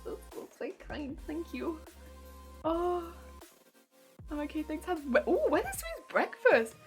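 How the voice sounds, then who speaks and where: A woman's voice: extremely high pitch, wildly swooping pitch, measured pace. A chatty, giggly young woman streaming while she sews, gushing about a show and reading out chat. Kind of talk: casual chat while sewing. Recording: faint background music.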